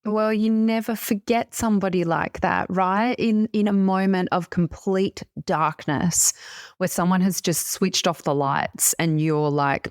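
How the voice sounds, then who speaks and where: Female interviewer; low-pitched, sympathetic, dry close-miked sound. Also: measured pace, no room sound. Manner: sympathetic, responsive. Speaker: podcast host. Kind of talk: interview conversation.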